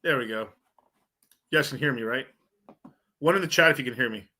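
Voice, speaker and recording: A man's voice: mid-range voice, brisk, bright, forceful tone. Swearing, rambling crypto streamer guy. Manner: profane, rambling, thinking aloud. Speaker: crypto livestream host. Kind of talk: casual livestream chat. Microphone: streaming setup mic.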